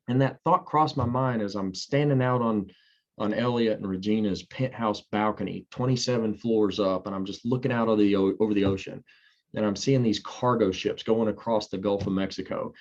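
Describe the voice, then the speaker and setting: A man in his thirties giving an energetic motivational talk to sales agents, acting out the voices he quotes. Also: medium pitch, dull audio. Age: 30s. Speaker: insurance sales trainer.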